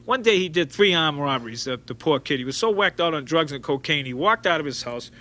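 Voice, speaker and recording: A man's voice: fairly high pitch, fairly quick. A man, telling rambling stories in an interview and acting out quotes as he goes. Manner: rambling and animated, with frequent restarts and acted-out quotes. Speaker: interview guest. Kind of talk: storytelling interview.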